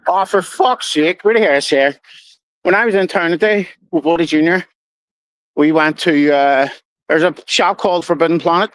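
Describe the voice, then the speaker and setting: A man's voice: fairly high pitch, normal speed, no room sound, poor audio. Middle-aged male streamer, sweary and rambling, dry close mic. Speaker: livestream host. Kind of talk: casual livestream chat.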